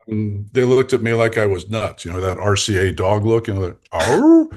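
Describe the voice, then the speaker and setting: An older man telling lively, jokey stories as a guest coach in an interview, laughing between lines. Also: lowish voice, a little fast. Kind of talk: anecdotal storytelling in a podcast interview.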